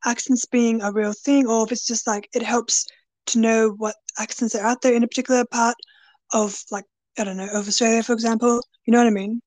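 A woman's voice: on the high side, flat delivery, fairly quick, a little mellow, dry recording. A woman hosting a podcast in casual chat, hesitant and searching for her words as she asks curious questions. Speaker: podcast host.

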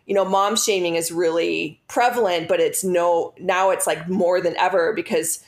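A woman's voice: lowish voice, steady tone, moderate pace. A woman in her thirties telling a personal story in casual chat, rambling with many fillers and restarts.

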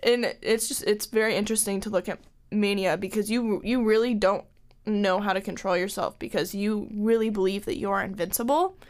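A woman's voice: medium pitch, steady tone, a little fast, a little mellow. A woman hosting a podcast, talking candidly in casual chat with lots of "like" fillers. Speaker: podcast host. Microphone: podcast microphone.

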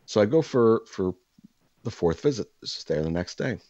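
A man telling a personal story in a loose, animated way, cursing freely and acting out what people said. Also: fairly low pitch, normal speed, dry recording. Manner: animated, profane, acts out dialogue. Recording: dull, dry lo-fi sound.

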